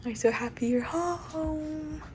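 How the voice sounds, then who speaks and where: A woman's voice: high voice, slow, background noise. A woman vlogging at home as a stay-at-home mom, talking to her dogs in doting baby talk. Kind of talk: casual vlog narration. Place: home indoors.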